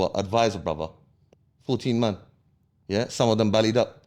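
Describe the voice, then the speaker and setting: A man talks as a podcast guest, his voice sitting on the low side. He tells his story heatedly in street slang. He keeps checking in with his listener. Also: normal speed, pauses often, darkish tone. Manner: street slang, checks in with "yeah?" after each point; heated, emphatic retelling. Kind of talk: casual storytelling interview.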